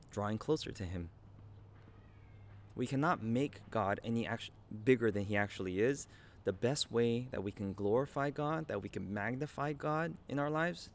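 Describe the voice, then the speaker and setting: Earnest male pastor with a lowish voice. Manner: earnest, conversational, with frequent "right?" asides. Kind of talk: sermon.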